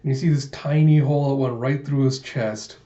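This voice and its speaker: A man's voice: mid-range voice, fairly even intonation, brisk, warm tone. A man reading through a comic casually, retelling the panels with playful asides, in a dull lo-fi recording. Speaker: comic reader. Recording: dull lo-fi sound.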